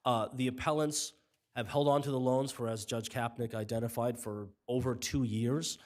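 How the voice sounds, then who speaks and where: A man arguing as an attorney in a courtroom, formal and measured, his voice wearing thin. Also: medium pitch, fairly even intonation. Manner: formal, measured, apologetic when interrupted. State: voice giving out. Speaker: appellate attorney. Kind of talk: courtroom oral argument. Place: appellate courtroom.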